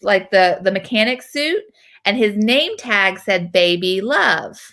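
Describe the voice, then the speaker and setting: Woman in her thirties, from North Carolina, animated chatty storyteller, lots of fillers, casual. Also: medium pitch, measured pace. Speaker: host.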